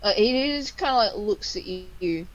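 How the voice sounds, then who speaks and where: A woman narrating as game master of a tabletop game, halting with fillers and restarts. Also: medium pitch, animated, muffled recording.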